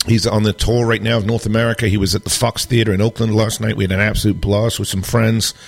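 A man hosting a radio show, hoarse after a big night out, chatting loosely with lots of fillers. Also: fairly low pitch, little pitch movement, quick pace. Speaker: radio DJ host. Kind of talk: casual radio show banter. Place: radio studio.

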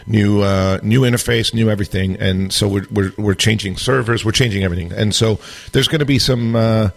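A hoarse man hosting a radio show in a studio, his low voice rough and gravelly. He rambles casually with lots of filler words. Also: steady tone, a little fast. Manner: loose, rambling, chatty with frequent fillers. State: hoarse after a night of singing and shouting. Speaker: radio DJ host.

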